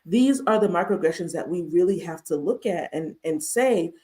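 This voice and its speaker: A woman's voice: on the low side, lively intonation, moderate pace, dark tone. A woman hosting a livestreamed mental health talk, speaking emphatically with repeated rhetorical questions. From United States. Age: adult with a master's degree. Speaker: host, therapist.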